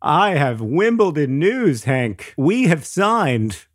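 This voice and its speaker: A man co-hosting a casual podcast, talking in an animated way and reading listener mail aloud with laughs. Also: a little high, takes it slowly, dry recording, studio quality. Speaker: podcast co-host. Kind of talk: casual chat.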